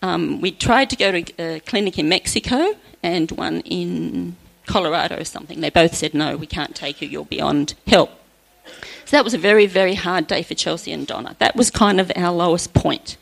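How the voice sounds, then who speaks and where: Gravelly woman giving a testimony. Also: lowish voice, normal speed, rough recording. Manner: earnest, chatty, often laughing softly. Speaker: church member sharing a testimony. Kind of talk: personal faith testimony.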